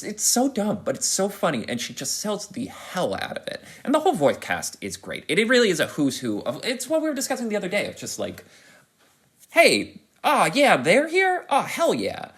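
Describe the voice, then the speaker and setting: Husky, animated man gushing in a review. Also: mid-range voice. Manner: enthusiastic, rambling with frequent restarts and fillers; animated, rising to excited peaks. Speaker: podcast host reviewing a film. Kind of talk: casual spoken review.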